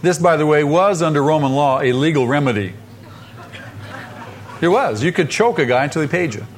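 Man preaching, slightly high voice, asks the listeners questions, loud then soft, faint background noise. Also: animated, moderate pace. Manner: questions the listeners, swings between loud emphasis and soft drops. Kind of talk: sermon.

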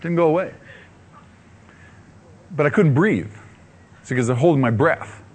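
Male preacher, somewhat high voice, lively swooping delivery, acts out his own thoughts. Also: moderate pace, pauses often, slight background noise. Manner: laughs often while telling. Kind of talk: sermon testimony storytelling.

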